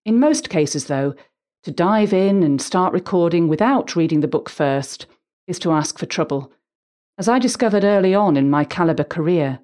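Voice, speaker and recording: A middle-aged woman reading a prepared personal account of her work as a volunteer audiobook narrator, measured and articulate with a gently humorous touch. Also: on the low side, lively intonation.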